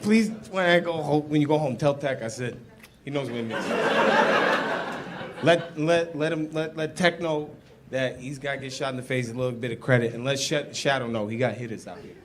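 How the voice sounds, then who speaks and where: A man doing crowd-work stand-up on a comedy club stage, brash and teasing, with loud bursts and mock apologies. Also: mid-range voice, normal speed, noisy background. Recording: live club recording, audience laughter.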